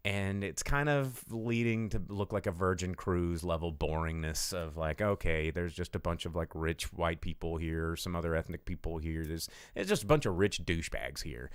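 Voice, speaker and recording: A man's voice: low voice, moderate pace, hardly any pauses, smooth, dry recording, clean studio sound. A man hosting a show, casually recapping a film plot in a rambling, irreverent way with some swearing. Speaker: podcast host. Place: home studio.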